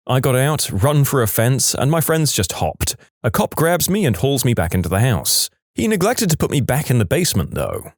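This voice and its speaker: A man reading reddit stories aloud in a lively storytelling manner. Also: no echo, clean studio sound. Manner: lively storytelling with wide pitch swings. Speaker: story narrator.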